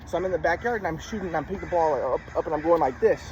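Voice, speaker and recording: A man with a slightly high voice tells a casual, rambling story, repeating words and restarting sentences as he acts out the moves. Clear background noise sits under his voice throughout. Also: rapid-fire, a little mellow. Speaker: storyteller recounting his youth. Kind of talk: casual monologue with demonstrations.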